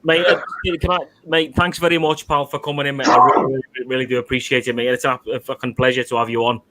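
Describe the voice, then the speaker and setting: A man hosts a casual live stream and gushes with thanks to his guests. He swears freely and drops "mate" into nearly every line. His voice sits at an average middle pitch. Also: level tone, fast, a crowd in the background. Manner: effusive, sweary, says mate constantly. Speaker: host of a live show.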